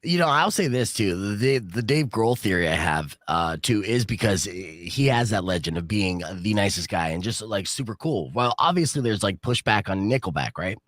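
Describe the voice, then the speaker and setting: Brash male morning-show host from New Jersey, expressive delivery, dry booth mic. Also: on the low side, normal speed, few pauses, no room sound. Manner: animated, brash, swears casually. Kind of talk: casual radio and podcast chat.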